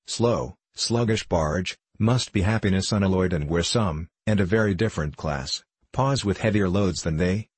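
A man narrating a classic novel in a measured, unhurried storytelling manner. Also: deep voice, breathy edge, no room sound.

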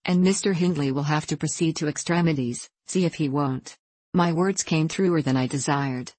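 Low-voiced woman reading a classic novel. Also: a little mellow, no room sound, poor audio. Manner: measured storytelling reading. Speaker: audiobook narrator. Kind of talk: scripted narration.

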